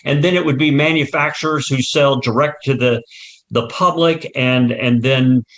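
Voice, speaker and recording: A man's voice: mid-range voice, fairly even intonation, normal speed, fairly bright tone. A man being interviewed as a company marketing executive, explaining his business through long walk-through examples and often restarting his sentences.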